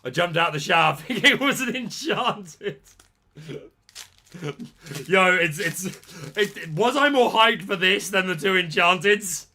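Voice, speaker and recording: A man, hosting a card-opening video with jokey, excitable commentary and bursts of shouting. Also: high voice, a little slow. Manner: excitable, jokey trash talk with sudden shouts. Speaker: trading card channel host. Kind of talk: casual pack-opening commentary.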